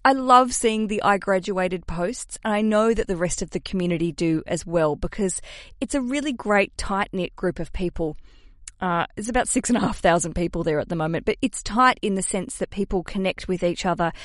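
An Australian woman in her thirties talks straight into the mic as a podcast host, chatty and self-mocking, with the odd casual swear. The sound is close and dry, with no room in it, and her pitch sits in a middle range. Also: moderate pace, no room sound. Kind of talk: casual solo podcast chat.

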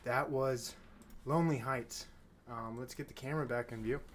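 A man's voice: mid-range voice, steady tone, normal speed, a little hiss or hum. A flustered man hosting his own podcast, out of breath and rambling, swearing often as he fights his camera. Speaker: podcast host. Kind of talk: casual solo podcast chat. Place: small room with chairs, fan running.

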